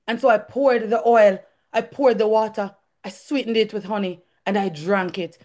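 A young woman giving a fervent testimony sermon, her voice climbing into shouts as she tells her story. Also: medium pitch, steady tone, normal speed. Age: young adult.

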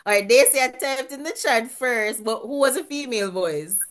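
A woman's voice: on the high side, expressive, normal speed. A woman hosting a casual quiz over a video call, chatty, laughing often and restarting her sentences. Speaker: quiz host at an online church gathering.

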